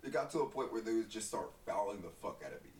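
A man's voice: on the low side, lively intonation, quick pace, a little mellow. Young man talking far off in a roomy space. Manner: loose, profane storytelling with many fillers. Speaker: guest. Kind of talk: casual chat. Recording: roomy, distant mic with faint background noise.

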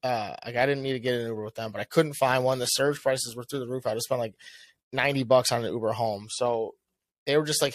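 A young man co-hosting a podcast, telling a story in casual chat. He swears a lot and acts out what he said with a rising, animated voice. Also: mid-range voice, quick pace, no echo. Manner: animated, swears often, acts out his own lines with a rising voice. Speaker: podcast co-host.

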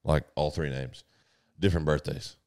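A man who works as a sheriff's deputy, telling profane jail and patrol stories in a casual, animated way. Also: a bass voice, normal speed. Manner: profane, animated storyteller, loud when acting out the chase. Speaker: sheriff's deputy in livestock division. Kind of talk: casual storytelling.

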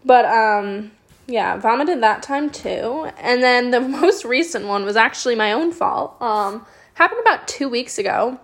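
A young woman with a slightly high voice talks through her own stories on a podcast. Her delivery is loose and animated, full of "like", casual swearing and a conversational, unscripted flow. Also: measured pace. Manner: chatty and animated, with frequent "like", swearing and laughter. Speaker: podcast host. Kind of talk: casual storytelling monologue.

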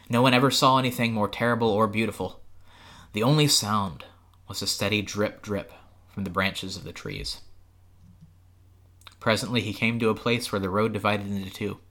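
A man reads a storybook aloud for a podcast in steady, expressive narration. His voice is low but bright and forceful. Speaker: podcast host, reader.

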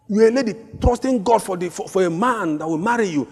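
A male pastor preaches in a fairly high, husky voice that swells from steady questioning into shouted exhortation. A long reverb fills the hall around him, with faint music underneath. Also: a little fast. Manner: preaches with repeated rhetorical questions, rising to shouts. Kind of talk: sermon. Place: church hall.

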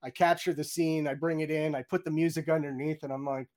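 A middle-aged game audio director talks fast in a candid interview, telling stories and acting out his own reactions as quoted lines, with many "you know"s and restarts. His voice is a little high with a darkish tone.

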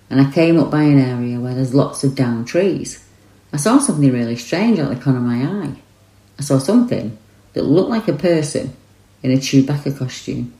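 A woman voicing a shaken eyewitness who retells a forest encounter in the first person, earnest and rushed. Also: a bass voice, dark tone, echoey room, rough recording.

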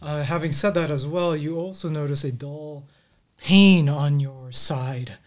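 Man narrating a tabletop game. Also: on the high side. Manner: descriptive, relaxed, halting with fillers. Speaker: game master.

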